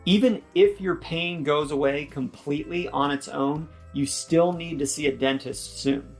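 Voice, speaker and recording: Gravelly, easygoing man giving health tips. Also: fairly high pitch, steady tone, unhurried, soft background music. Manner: joking, reassuring, chatty. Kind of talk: casual instructional vlog.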